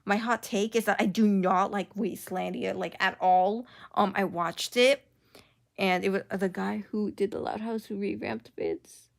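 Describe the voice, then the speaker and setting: A woman's voice: mid-range voice, steady tone, moderate pace, creaky, no room sound, studio quality. A young woman giving a sarcastic, casual commentary rant full of filler words. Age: young adult. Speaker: commentary YouTuber.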